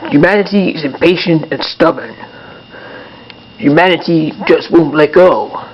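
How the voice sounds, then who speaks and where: A man voicing an irritable male puppet, angry rant, fairly high voice, dull lo-fi recording. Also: a little slow, close to an everyday voice. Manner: angry ranting, apologetic asides. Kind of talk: puppet show monologue.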